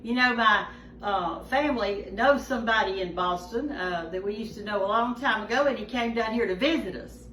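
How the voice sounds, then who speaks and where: A woman's voice: mid-range voice, moderate pace, fairly bright tone. A woman with a Southern US accent hosting a casual cooking demonstration in a home kitchen, folksy and chatty as she talks straight to her viewers. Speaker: cooking show host. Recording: roomy, distant mic, faint background noise.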